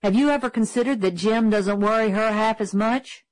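A woman voicing a stern middle-aged father in a storybook reading, firm and measured. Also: on the high side, dry recording, lightly acted, rough recording.

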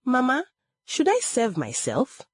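A woman's voice: low-pitched, big pitch swings, normal speed, darkish tone, slightly rough, no echo, studio quality, heavily acted. A woman doing a meek overworked daughter. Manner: timid, submissive.

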